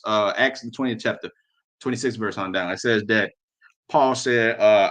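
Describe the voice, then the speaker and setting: A man's voice: lowish voice, moderate pace, a bit bright. A man preaching, who reads old-style scripture and then explains it in blunt street slang, often repeating words. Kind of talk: sermon with scripture reading.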